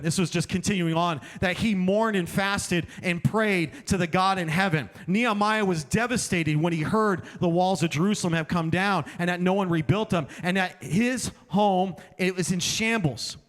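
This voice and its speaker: A man's voice: high-pitched, moderate pace, hardly any pauses. A man preaching a chapel sermon, telling self-deprecating stories and acting out the dialogue. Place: chapel hall. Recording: long hall reverb.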